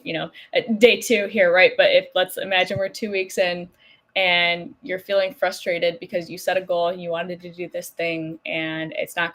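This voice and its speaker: A woman co-hosting a wellness podcast, talking in a relaxed, chatty way with plenty of affirming fillers. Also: fairly low pitch. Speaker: podcast co-host. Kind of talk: casual podcast conversation.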